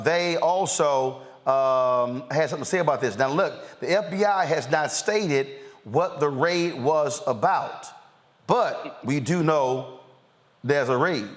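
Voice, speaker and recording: A middle-aged man hosting a commentary show, talking in an animated, mocking, slangy way with rising outbursts. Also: medium pitch. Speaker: host. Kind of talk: lively commentary.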